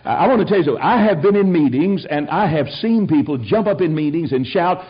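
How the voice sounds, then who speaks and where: An older man preaching a sermon in a fiery, folksy way, rising to shouted peaks. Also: a little high, animated, fast talker, few pauses, slightly rough, muffled recording. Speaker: pastor.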